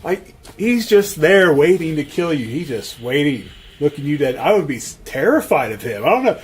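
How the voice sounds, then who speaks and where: A man co-hosting a podcast in casual chat, easygoing and a little hesitant, quick to laugh. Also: on the high side, sing-song, breathy edge. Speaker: podcast co-host.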